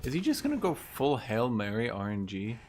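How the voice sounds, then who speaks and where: A man's voice: medium pitch, huge pitch swings, brisk, a little hiss or hum. A man giving casual commentary while playing a strategy game, with wry, exasperated asides. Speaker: gaming streamer.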